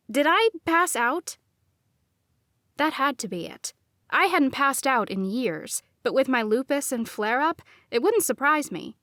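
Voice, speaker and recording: Slow, dry first-person audiobook narrator, woman. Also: fairly high pitch, fairly bright tone, no echo.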